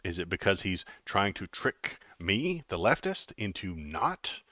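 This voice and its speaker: Deep-voiced sarcastic man streaming. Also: sing-song, a little slow, pushed and bright, no room sound, highs cut off. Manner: sarcastic, rambling, frequent filler words. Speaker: political commentary streamer. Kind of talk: casual livestream commentary.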